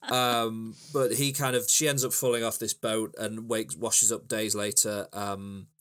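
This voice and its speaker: Male co-host with a lowish voice, rambling through film plots. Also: fairly even intonation, measured pace, a bit bright. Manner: rambling, many ums and restarts. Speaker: podcast co-host. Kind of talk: casual film chat.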